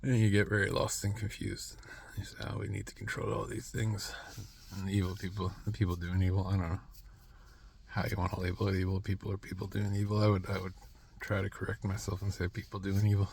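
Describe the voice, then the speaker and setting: A man's voice: low voice, little pitch movement, fast, vocal fry, darkish tone, a little hiss or hum. A man in his thirties talking in a rambling monologue, restarting his sentences and coughing between phrases. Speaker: vlogger.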